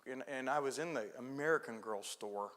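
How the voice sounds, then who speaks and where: A male pastor preaching a sermon, telling stories and swinging from hushed asides to shouted points. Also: mid-range voice, normal speed, noisy background. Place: church sanctuary. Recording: long church hall reverb.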